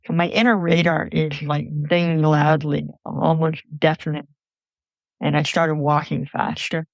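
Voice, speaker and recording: A woman recounting a personal story in an earnest, measured way for a podcast. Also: sits low, level tone, creaky, no room sound, dull audio. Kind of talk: personal story told into a mic.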